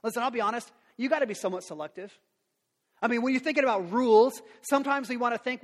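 A middle-aged man preaching a sermon as a pastor, animated, acting out quotes and sound effects. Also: very high voice, fast. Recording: long reverb of a large hall.

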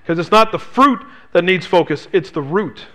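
High, bright-voiced man preaching a sermon. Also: expressive, moderate pace. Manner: emphatic preaching with rhetorical questions. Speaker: pastor.

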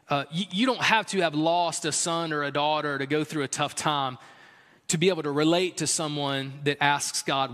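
A man preaching a sermon in a bright, forceful voice pitched a little high. He tells the story candidly and conversationally, with plenty of fillers. A long reverb trails his words through the hall. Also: normal speed. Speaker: pastor and chaplain.

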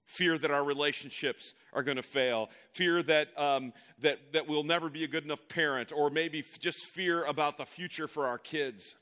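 A man's voice: fairly high pitch, pushed and bright. A male pastor preaching a sermon in an earnest, emphatic way, often repeating words as he builds a point.

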